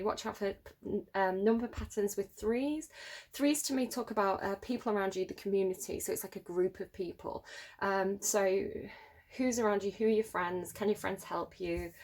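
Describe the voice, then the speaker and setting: A woman's voice: mid-range voice, darkish tone. A woman reading tarot cards to camera at home, musing and thinking aloud with many fillers. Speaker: tarot reader. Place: home room near a road.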